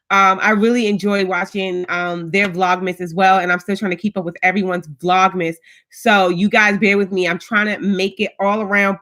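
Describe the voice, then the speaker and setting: A woman's voice: mid-range voice, fairly bright tone. Chatty woman vlogger greeting live viewers. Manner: chatty, greets viewers by name, frequent restarts. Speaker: vlogger hosting a live stream. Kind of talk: casual livestream chat.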